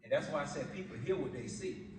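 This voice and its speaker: A man's voice: fairly high pitch, expressive, fast talker. A man giving a motivational sales presentation, telling stories in colloquial talk and laughing often. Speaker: business opportunity presenter. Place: event hall. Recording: echoey hall, distant mic, noise.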